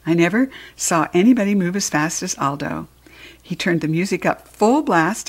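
A woman narrating a children's storybook in the first person with an expressive read-aloud delivery. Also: on the low side. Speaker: storybook reader.

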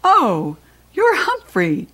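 A woman's voice: high-pitched, huge pitch swings, drawn-out words, sharp tone, voice pushed up, heavily acted. A woman voicing a cheerful, joking middle-aged man who cleans a school at night, in a storybook read-aloud. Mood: jovial. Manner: jovial, chatty, teasing.

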